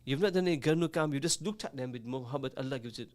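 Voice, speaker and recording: A man's voice: mid-range voice, rapid-fire, darkish tone. A man hosting a radio talk show, giving earnest, emphatic advice that lists points and repeats them.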